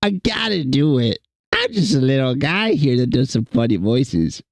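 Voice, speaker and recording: A man's voice: mid-range voice, sing-song, moderate pace, no room sound. A young man streaming while he draws, chatting with viewers in a rambling, self-mocking, jokey way. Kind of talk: casual livestream chat while drawing.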